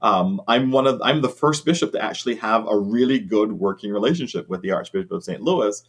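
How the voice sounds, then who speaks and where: A man's voice: fairly low pitch, lively intonation, brisk, slightly rough. A man who is a bishop, answering interview questions in an earnest, conversational way with frequent ums.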